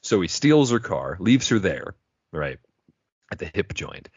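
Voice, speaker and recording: Deep-voiced man recapping an episode. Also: very animated, slightly rough, no room sound, lo-fi sound. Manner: loose storytelling with quick acted quotes. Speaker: podcast co-host.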